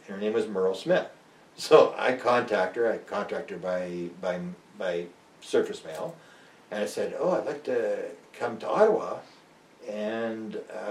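An older man, a guest author, rambles through stories in an interview, restarting often and acting out quotes. His voice is lowish and darkish in tone, and the recording sounds roomy and distant.

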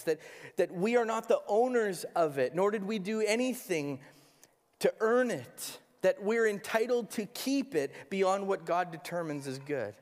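A male pastor preaching a sermon, earnest and probing, asking his listeners rhetorical questions. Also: sits high. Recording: hall with long reverb.

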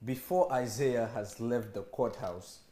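A man reading scripture aloud during a sermon, steady and measured. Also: medium pitch, reverberant. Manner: steady reading, frequent murmured agreement.

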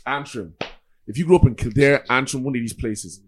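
A man's voice: medium pitch, fairly quick. Blunt teasing man in casual chat. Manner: blunt, teasing, says bro a lot. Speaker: podcast co-host.

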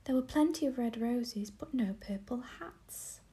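A woman's voice: a little high, measured pace, dark tone. Woman whispering a bedtime story.

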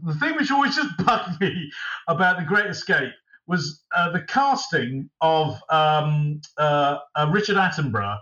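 A middle-aged English man, a screenwriter guesting on a podcast, telling stories with lively asides and quick put-on voices. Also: on the high side. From England. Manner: animated storyteller who mimics others in put-on voices. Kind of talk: casual podcast chat. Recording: distant, dull lo-fi sound.

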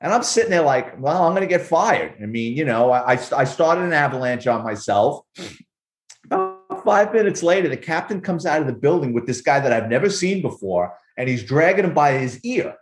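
A man's voice: mid-range voice, animated, brisk, reverberant. A man, a former police officer, telling a profane story in an interview and acting out the people in it. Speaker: guest, retired police officer and author.

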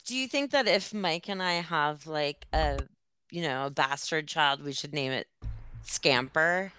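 A woman's voice: low voice, a little slow, pushed and bright, smooth. A woman hosting a podcast in casual chat, rambling and laughing as she cuts herself off. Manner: rambling, laughing, self-interrupting. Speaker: podcast host.

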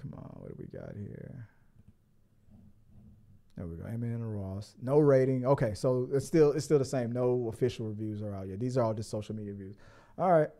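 A man's voice: medium pitch, fairly quick, mellow. A man hosting a casual podcast, rambling and joking as he restarts his words. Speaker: podcast host. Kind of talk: casual chat.

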